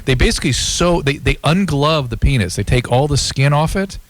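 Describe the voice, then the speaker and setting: A man co-hosting a late-night call-in radio show as its physician, explaining in a measured way and laughing easily. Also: a little high, lively intonation, a little hiss or hum. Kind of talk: casual radio banter.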